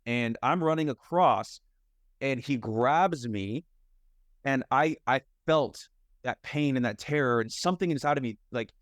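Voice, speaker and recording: A man's voice: medium pitch, measured pace, no echo, studio quality. A young American man, a mindset and fitness coach, candidly telling his life story in a podcast conversation, rambling with lots of "like" and "you know". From United States.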